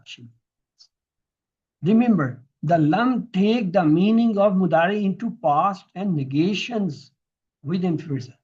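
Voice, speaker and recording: Male grammar teacher, husky and a bit high, runs drills and quizzes his class; muffled lo-fi recording. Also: dark tone. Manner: drills verb forms, quizzing students. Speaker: Quranic Arabic teacher. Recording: dull lo-fi recording.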